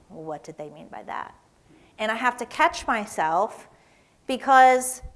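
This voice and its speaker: Woman from Tennessee, seminar speaker in a church hall; conversational, tells stories, keeps asking "right?". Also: mid-range voice. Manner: conversational, storytelling, often asks "right?".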